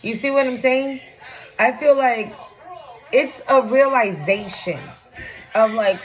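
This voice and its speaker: A woman gives a casual tarot reading to camera in a slightly high voice, taking her time and pausing often. She's blunt and profane, animated, speaking straight to the viewer, exclaiming and frequently asking "right?" There's slight background noise.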